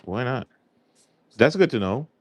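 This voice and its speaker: Speaking at a measured pace, a man with a medium-pitched, expressive, slightly mellow voice and a New York accent hosts a casual live chat. He rambles chattily and responds aloud to viewers' questions as they come in, with no room sound in the recording.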